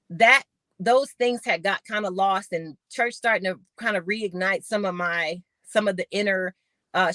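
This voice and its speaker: A middle-aged woman, a podcast guest and former Olympic sprinter, telling her story with animated retellings of conversations. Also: fairly low pitch, no echo. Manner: animated storyteller acting out quoted voices.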